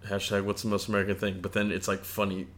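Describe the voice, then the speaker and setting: A man's voice: fairly low pitch, completely flat delivery, fast talker, a bit bright, a little hiss or hum. A man in casual podcast chat, joking, swearing and acting out voices.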